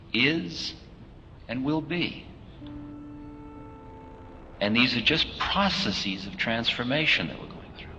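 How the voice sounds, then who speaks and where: A man teaching a spiritual talk, musing and playful as he acts out little scenes. His tone is bright and forceful. The recording is dull and echoes through a hall, with a faint hiss underneath. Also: mid-range voice.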